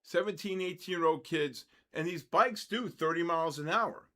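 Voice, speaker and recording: Older New trader hosting a live session, rambles and rants between market calls. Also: male voice, on the high side, normal speed, sharp tone. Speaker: trading session host. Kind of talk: casual live trading commentary.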